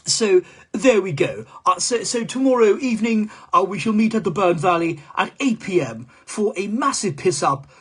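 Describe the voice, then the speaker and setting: A man's voice: fairly high pitch, a bit bright, slightly rough. A male comedian doing a comic impression of a rambling, foul-mouthed male politician in a live-stream monologue, stammering and swearing as he goes.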